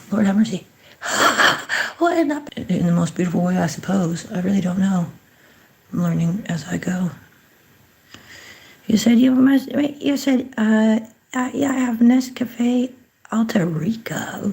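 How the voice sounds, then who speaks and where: A woman hosting a casual livestream, chatting to viewers, giving blessings and greetings, and often dropping into soft whispered asides. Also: mid-range voice, creaky. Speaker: livestream host.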